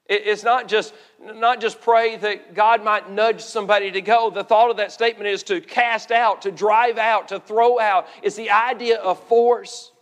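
A man delivers an earnest sermon in a high, bright-pitched voice, stretching out the words he wants to stress. He often repeats words as he builds each point. The sound rings with a long reverb, as in a large hall. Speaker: pastor.

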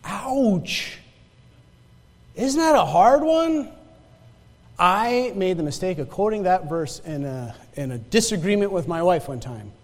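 A man with a high voice preaches a sermon, telling stories in a loose, conversational way. He often stumbles, restarts and doubles his words, and keeps turning to the congregation with direct questions. His voice rings out with the long reverb of a big hall. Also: sing-song, a little slow. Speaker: pastor.

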